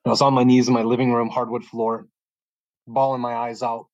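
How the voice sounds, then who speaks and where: A man's voice: medium pitch, level tone, fairly quick, darkish tone, no room sound, dull audio. A man telling his personal faith story as a podcast guest, earnest and rambling, often restarting his sentences, speaking from his bedroom at home. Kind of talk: personal faith testimony in conversation.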